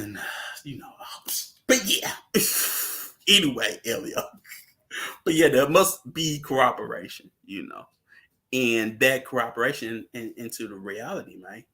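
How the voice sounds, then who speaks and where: A man's voice: medium pitch, expressive, measured pace, long pauses, a bit bright. A man chatting casually as host, laughing often and telling loose, slangy stories. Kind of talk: casual chat.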